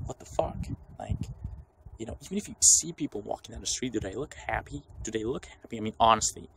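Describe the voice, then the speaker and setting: Low-voiced man ranting off the cuff. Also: fast, creaky, slight background noise, poor audio. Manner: rambling, profane, animated, acts out quotes. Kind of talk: unscripted rant to camera.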